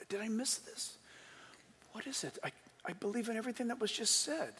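A man in his sixties preaching a sermon and telling his story earnestly, his voice swinging from hushed to emphatic. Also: high-pitched, expressive, a little fast, breathy edge, long reverb tail. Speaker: pastor.

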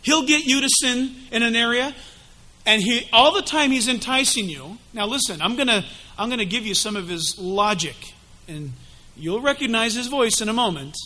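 Animated man preaching, high bright voice, emphatic. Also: normal speed. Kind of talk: sermon.

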